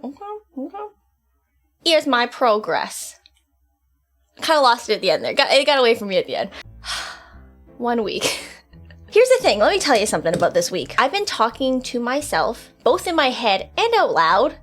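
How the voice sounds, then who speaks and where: A woman vlogging casually as she practices an accent, animated and self-mocking, often laughing at herself. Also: on the high side, a little fast, faint music behind.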